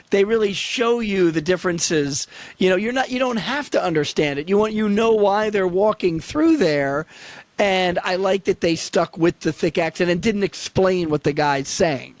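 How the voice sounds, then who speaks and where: High-voiced man on a video call. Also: dry recording. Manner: chatty, explains slang with examples. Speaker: podcast co-host. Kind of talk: casual discussion.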